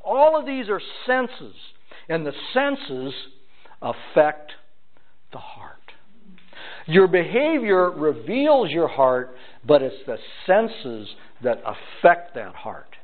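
A man preaching a sermon and explaining scripture with lively rhetorical questions to his listeners. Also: a little high, slow pace. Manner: animated, rhetorical questions to the congregation. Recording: tinny phone-like sound.

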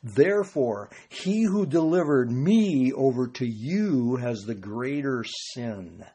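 A man voicing a calm, solemn figure who speaks quietly in a husky voice. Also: medium pitch, slow, pitched below the performer's own voice.

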